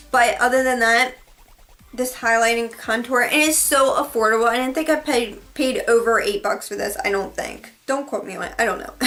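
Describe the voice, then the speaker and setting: A woman's voice: sits high, sharp tone. A woman beauty vlogger reviewing her favorite products in a casual, gushing, chatty way, correcting herself as she goes.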